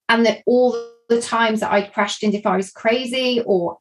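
A woman's voice: fairly high pitch, unhurried, poor audio. A woman, candidly telling her own story as a guest, earnest and reflective. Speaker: guest sharing a personal story.

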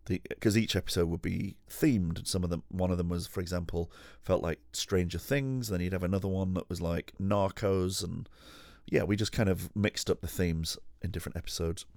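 A man's voice: deep voice, normal speed, creaky, few pauses, darkish tone, dry recording, studio quality. A man hosting a podcast alone, telling a rambling, sweary, self-deprecating anecdote full of restarts and asides. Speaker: podcast host. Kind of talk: casual storytelling monologue. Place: at home.

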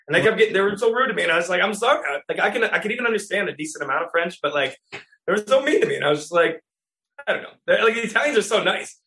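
A man's voice: sits high, lively intonation, rapid-fire, pushed and bright. A man chatting casually on a podcast, rambling with frequent laughs. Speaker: comedian guest.

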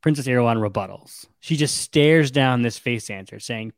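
Animated man retelling a story, dry sound. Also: medium pitch, normal speed, hardly any pauses, no room sound. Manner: animated, acts out quotes with shifts in voice. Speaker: podcast co-host recapping a novel. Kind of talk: casual chat, retelling a story.

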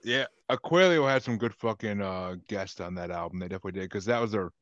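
A man's voice: on the low side, fast, a bit bright, no echo. A man hosting a podcast, chatting casually about albums with lots of detail and swearing. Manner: chatty, profane, detail-heavy music talk. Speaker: podcast host. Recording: dull lo-fi sound.

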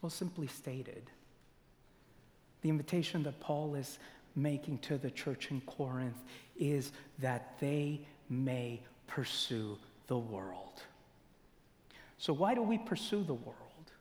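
Man preaching slowly with dramatic whispers. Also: medium pitch. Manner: dramatic swings from loud emphasis to near-whispers; slow, deliberate delivery with rhetorical questions. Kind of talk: sermon. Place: church sanctuary. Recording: long church reverb.

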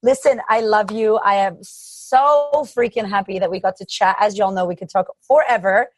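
A woman's voice: medium pitch, animated, moderate pace, no echo. A woman hosting a podcast, affirming and gushing in a casual, colloquial way. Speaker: podcast host.

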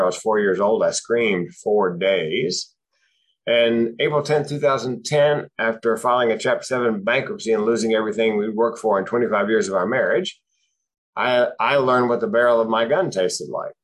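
A man's voice: lowish voice, moderate pace. Man telling stories with dry punchlines. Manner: dry, punchline-driven timing. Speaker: comedian and speaker. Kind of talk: comic storytelling on mental health.

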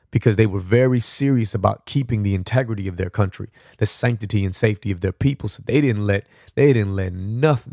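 A man with a low, gravelly voice hosts a motivational podcast. He rambles conversationally and often restarts his thoughts. The recording is dry and close. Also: darkish tone, no echo. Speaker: podcast host. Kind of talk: reflective motivational monologue.

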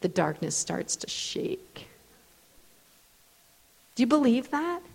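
Animated woman preaching in a big hall. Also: fairly high pitch, takes it slowly, gravelly, breathy edge. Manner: conversational, animated, many fillers. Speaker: preacher, guest speaker. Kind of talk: sermon with storytelling. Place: large event hall.

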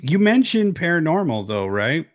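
A man's voice: a little high, very animated, normal speed, dry recording. Rambling male podcast co-host, dry sound. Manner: rambling, restarts his thoughts often. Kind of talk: casual chat. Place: home, remote recording.

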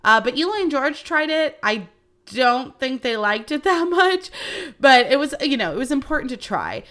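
A woman around thirty hosting a podcast, telling stories in a casual, animated way and swearing freely. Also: sits high, moderate pace. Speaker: podcast host. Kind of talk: casual storytelling chat.

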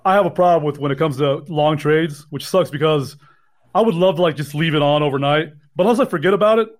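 Fast-talking, self-mocking male podcaster. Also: a little high. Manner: rambling, self-mocking, laughs often. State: sleep-deprived. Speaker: podcast co-host. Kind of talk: casual chat.

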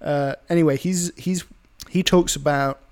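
A British man rambling through a movie recap on a podcast, full of uhs and asides. His voice sits a touch high for a man. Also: steady tone, measured pace, darkish tone. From Britain. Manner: rambling, filler-heavy, giggly. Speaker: podcast host. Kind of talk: casual movie recap chat.

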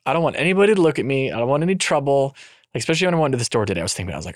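Animated, rambling man chatting casually. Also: medium pitch, rapid-fire, dry recording, studio quality. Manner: rambling, animated, with frequent fillers. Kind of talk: casual chat.

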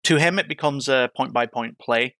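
A man speaking as a podcast guest, telling his story reflectively, with many pauses, fillers and restarts. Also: medium pitch, sharp tone, no echo. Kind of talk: candid interview conversation.

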